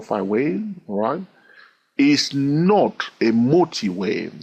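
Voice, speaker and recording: A man's voice: mid-range voice, a little mellow, husky, muffled recording. A man teaching a chart lesson, counting waves aloud and often checking in with "all right?". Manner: repetitive, keeps asking "all right?"; counts wave numbers aloud in a sing-song way. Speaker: trading instructor.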